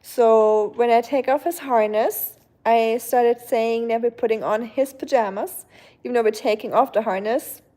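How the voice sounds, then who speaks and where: Chatting casually with her stream viewers while gaming, a woman with a German accent rambles unhurriedly, using lots of fillers. Her voice is slightly high yet soft and mellow.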